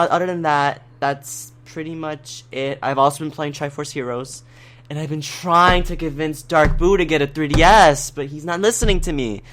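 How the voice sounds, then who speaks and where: A man co-hosting a casual gaming podcast, excitable and prone to loud, high-pitched rants. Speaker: podcast co-host.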